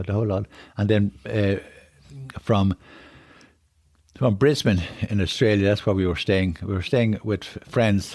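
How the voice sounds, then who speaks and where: On the low side and a little mellow, the older Irish guest's voice comes through with no room sound. His conversational storytelling about travel rambles and repeats, "on it" recurring throughout, and he gets emotional when something moves him.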